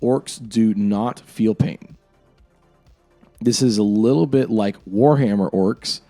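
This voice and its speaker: A man's voice: on the low side, dark tone. A young man, a game master, talking casually about his campaign world, rambling with lots of fillers. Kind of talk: casual lore talk. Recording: music in the background.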